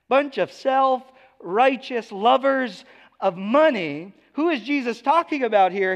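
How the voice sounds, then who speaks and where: A male pastor delivers an emphatic sermon, shifting between hushed lows and raised declarations, with the sound of a big room around him.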